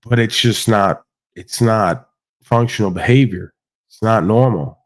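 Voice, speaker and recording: On a livestream panel, a male podcast host launches into a blunt, casual rant full of swearing, acting out the exchanges he quotes. His voice is fairly low and his pace measured.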